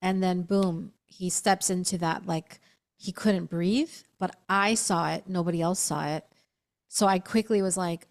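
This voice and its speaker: Animated woman telling a story. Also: normal speed. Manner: animated, acts out quotes with big pitch jumps. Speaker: QHHT practitioner, co-host. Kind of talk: casual chat, storytelling.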